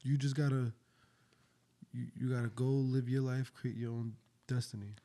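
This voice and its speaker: A man hosting a casual interview, chiming in with relaxed, encouraging remarks. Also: medium pitch, moderate pace. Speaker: podcast host.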